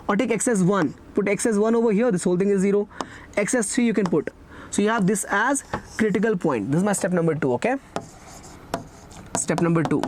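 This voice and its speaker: A teacher walks students through the method for an exam-prep lecture. The voice sits at a middle pitch, with key terms said twice and questions put to the class and answered straight away. There is a faint noise behind the voice. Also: a little mellow. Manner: repeats key phrases, asks and answers own questions. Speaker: math teacher.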